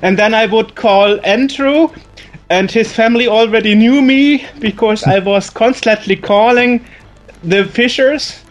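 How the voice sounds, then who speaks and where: A man's voice: high voice, unhurried. A man with a German accent, a non-native English speaker, chatting casually as a guest and telling stories with some hesitation. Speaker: guest, magazine editor. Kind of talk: casual reminiscing.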